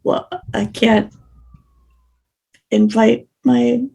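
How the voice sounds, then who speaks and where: A woman's voice: on the high side, flat delivery, extremely slow, gravelly, mellow, husky, exaggerated voice. A woman voicing a big, affectionate Scandinavian-looking farmer dad who speaks hesitantly and fondly in a tabletop game. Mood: warm, fumbling.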